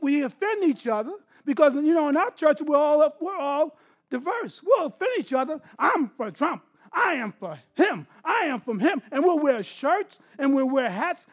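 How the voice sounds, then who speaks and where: A man preaching a sermon as pastor, dropping to hushed asides and then building to loud, emphatic bursts. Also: extremely high pitch.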